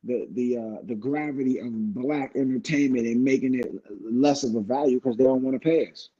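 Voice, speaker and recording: A man's voice: medium pitch, normal speed, breathy edge. A man from Cleveland telling profane stories in casual chat, acting out the people he quotes. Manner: animated storyteller, profane, acts out quoted people. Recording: dull lo-fi sound.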